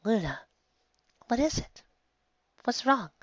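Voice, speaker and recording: A woman voicing a gentle, caring elder princess pony mare in a soft, soothing voice, recorded dull and lo-fi. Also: low-pitched, lively intonation, moderate pace, no echo.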